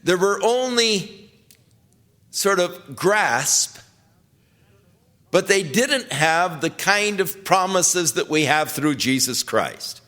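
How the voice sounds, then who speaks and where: An older male pastor teaching the Bible in a relaxed, conversational way, slipping scripture into plain everyday speech. His voice sits a little high for a man. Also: takes it slowly, long pauses.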